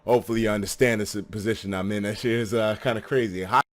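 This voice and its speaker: A young man streaming, telling a story casually, animated and full of swearing, dropping to mutters and then bursting out loud. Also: lowish voice, quick pace.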